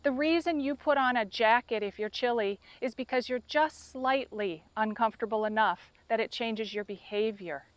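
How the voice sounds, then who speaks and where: A woman speaks straight to her listeners as a dog trainer, impassioned and openly emotional. Her voice sits a little high for a woman. The sound is dry and close, with no room echo. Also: normal speed, hardly any pauses. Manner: impassioned and emotional, addressing critics directly. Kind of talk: direct-to-camera appeal.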